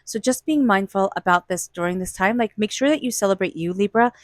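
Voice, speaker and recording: A woman talks through a tarot spread in a warm, gushing way, full of "you know" and "like." Her voice sits in an ordinary middle pitch. It is recorded close in a dry room with no echo. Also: brisk. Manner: gushing, lots of "you know" and "like", slips into playful voices for quotes. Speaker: tarot reader. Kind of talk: intuitive tarot reading vlog.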